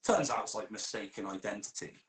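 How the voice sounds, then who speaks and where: A man's voice: lowish voice, a little fast, roomy sound, poor audio. A man telling a comic story during role-play, swearing a lot and laughing as he goes.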